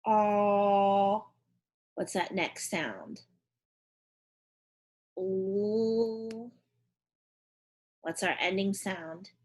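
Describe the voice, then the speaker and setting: A woman teacher leading a phonics and spelling lesson for young pupils, asking questions and encouraging them in a deliberate classroom manner. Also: on the low side, very animated, a bit bright.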